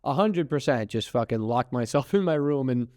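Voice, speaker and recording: A young man with a New York accent talks in a rambling, loose way, cursing easily and breaking into laughs. His voice sits at an ordinary middle pitch. The sound is close and dry. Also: lively intonation, normal speed, a little mellow, no room sound. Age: 20s. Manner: rambling, swears freely, laughs often. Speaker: guest comedian. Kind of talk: casual podcast chat.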